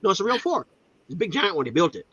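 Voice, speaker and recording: A drawling country local, as a man imitates him, winding through directions that double back on themselves, pitched high above a normal speaking voice. The telling is loose and comic, full of left-then-right reversals. The audio is slightly dull and dry. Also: sing-song, racing, bright, forceful tone, breathy edge, no room sound, heavily acted. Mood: muddled. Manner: drawling, backtracking, contradictory. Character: rambling Appalachian local giving directions, man.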